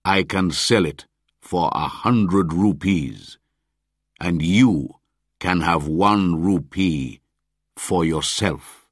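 A man voicing an angry, greedy old village hunter in a storybook, giving loud, gruff commands. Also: low-pitched, drawn-out words, dry recording, studio quality, heavily acted.

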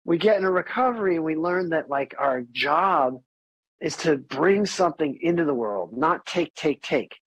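Middle-aged man, podcast guest, animated and candid, somewhat high-pitched, dry close sound. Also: normal speed, dry recording, poor audio. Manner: animated, candid, swears freely, acts out quoted voices. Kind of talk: casual interview conversation.

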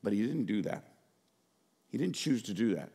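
A middle-aged man preaching a sermon as pastor, swinging between loud outbursts and hushed, earnest passages. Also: fairly low pitch, big pitch swings, moderate pace, creaky, slightly rough.

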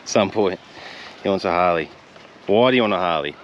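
A young Australian man vlogs outdoors by the road and beach on a windy day, chatting in a casual, laid-back way. His low-pitched voice is animated and brisk, the audio dull, with wind and traffic noise throughout.

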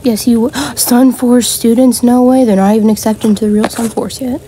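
A woman's voice: a little high, steady tone, moderate pace, dark tone, a little hiss or hum, low-quality recording. A woman chatting casually with a friend while they play a game together, giggly, playful and chatty. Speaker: gamer playing with a friend. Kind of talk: casual chat over gameplay.

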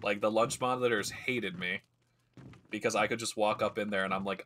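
A man's voice: on the low side, steady tone, moderate pace, fairly bright tone, a little hiss or hum. A man streaming a video game, chatting casually and rambling through stories as he plays. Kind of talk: casual gameplay commentary.

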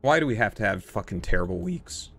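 Man streamer, thirties, exasperated and profane; pitch swings wide, faint game music under him. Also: sing-song, fairly quick. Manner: ranting, exasperated, heavy swearing. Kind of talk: live-stream commentary while playing.

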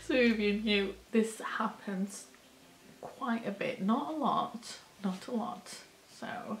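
Speaking slowly in a fairly high voice, a woman gives emotional reaction commentary for a video she hosts. She cries and gushes with praise, laughing through her tears, and the room adds an echo.

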